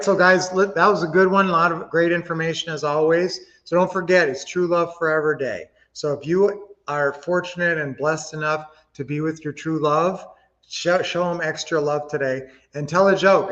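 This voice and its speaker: An upbeat man runs a casual livestream, speaking with a slightly high voice. He talks to his viewers in a chatty, teaching way. His audio comes through a dull, lo-fi webcam mic in a home office. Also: a bit bright. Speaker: livestream host.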